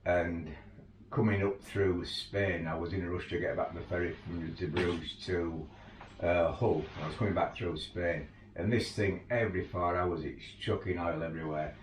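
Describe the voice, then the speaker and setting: A tour guide with a very deep voice tells his stories in a chatty, easygoing way, with the odd laugh. He sits back from the mic, so the sound is roomy. A faint background ambience runs underneath. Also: fairly even intonation, moderate pace, distant mic, a little hiss or hum. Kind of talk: casual anecdotal storytelling.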